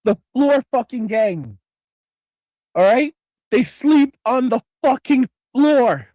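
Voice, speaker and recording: A man's voice: very high voice, animated, slow pace, mellow, dry recording, dull audio. A man hosting a late-night livestream, ranting with mock outrage, heavy swearing and emphatic repetition. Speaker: livestream host. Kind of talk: profane late-night rant.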